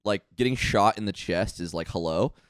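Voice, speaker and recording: A man's voice: fairly low pitch, moderate pace, no room sound, studio quality. A man co-hosting a podcast, joking in casual chat. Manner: joking, animated. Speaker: podcast co-host.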